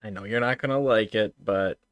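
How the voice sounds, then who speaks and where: Self-deprecating man with a lowish voice. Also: brisk, a bit bright, clean tone, no echo. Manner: self-deprecating, laughs often, stammers. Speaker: tabletop game player. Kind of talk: casual tabletop role-play chat.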